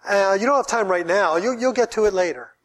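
A man voicing the devil as a smooth, coaxing male tempter who speaks in a falsely encouraging, wheedling way during a sermon. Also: sits high, fairly quick, fairly bright tone.

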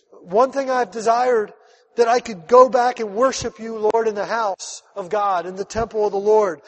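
A man's voice: high-pitched, darkish tone. A man, a pastor, preaching a conversational sermon that builds to emphatic, rising calls to his congregation. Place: church sanctuary. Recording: long hall reverb.

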